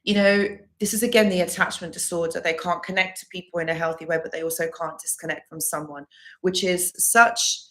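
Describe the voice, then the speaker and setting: A woman's voice: on the low side, steady tone, a little fast. A woman recovery coach hosting a live Q&A stream, reading viewer comments aloud and answering with earnest, reassuring advice that she often repeats.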